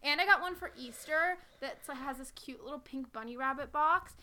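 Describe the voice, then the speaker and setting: A young woman with a high, bright voice tells stories in loose, animated podcast chat. She is blunt, swears easily and strings her sentences together with fillers. A faint hiss sits under her voice. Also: normal speed. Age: young adult. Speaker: podcast co-host. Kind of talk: casual chat.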